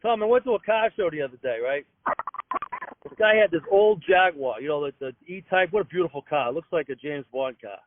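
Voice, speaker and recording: A man in his fifties with a Boston accent, a comedian ranting in a rambling, excitable way and acting out other people's lines. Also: a little high, fairly quick, background noise. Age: 50s. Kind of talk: comic rant. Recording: tinny dry phone line.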